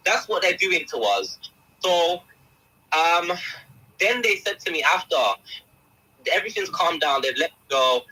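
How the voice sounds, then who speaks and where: A man's voice: a little high, big pitch swings, measured pace, long pauses, sharp tone, slightly rough, rough recording. A young man, a guest in an interview, telling an emotional first-person account in an intense, agitated way, often calling the host by name.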